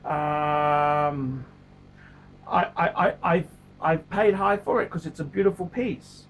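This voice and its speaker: A man's voice: fairly high pitch, fairly even intonation, takes it slowly. A middle-aged man, talking casually to camera in a blunt, profane way and often repeating himself. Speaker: watch collector vlogger.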